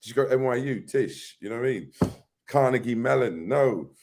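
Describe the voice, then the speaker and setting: With a mid-range voice and a slightly fast pace, a middle-aged actor chats casually as an interview guest, telling lively stories and acting out the voices he quotes.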